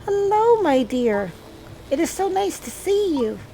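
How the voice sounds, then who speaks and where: A woman's voice: very high-pitched, very animated, unhurried, warm tone, pitched above the performer's own voice, exaggerated voice, poor audio. A woman voicing a kindly old grandmotherly woman, reading game dialogue aloud in a sweet, doting way. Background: game music.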